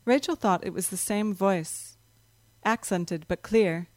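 A woman narrating a story in a calm, measured reading voice. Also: medium pitch, no room sound.

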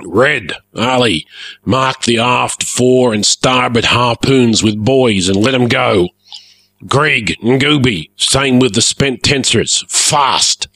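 A man voicing a gruff, blustering male airship pirate captain who barks his orders, in a storybook reading. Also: mid-range voice, slow, bright, forceful tone, dry recording, voice pushed up, full character voice. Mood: commanding.

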